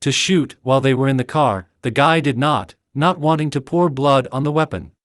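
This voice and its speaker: Male audiobook narrator, mid pitch, steady even read, dry close sound. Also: moderate pace, dry recording. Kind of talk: scripted narration.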